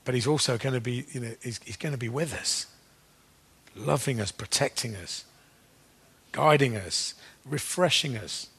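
A man giving a sermon in a conversational way, often restarting his sentences and slowing down to read scripture. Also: mid-range voice, vocal fry, a bit bright, breathy edge. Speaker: preacher.

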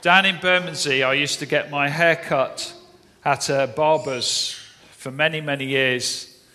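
A man delivers a sermon as a chatty story. His voice is fairly high and bright, and his loose telling is full of ums and uhs. A long reverb from the hall trails after each phrase. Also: fairly even intonation, a little slow. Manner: anecdotal, conversational, with frequent fillers. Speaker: preacher.

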